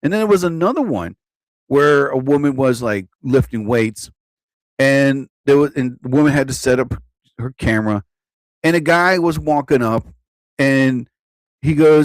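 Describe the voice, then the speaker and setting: A man's voice: mid-range voice, animated, normal speed, no room sound. A man hosting a live stream, ranting in a rambling, profane way and often repeating himself. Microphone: own desk mic.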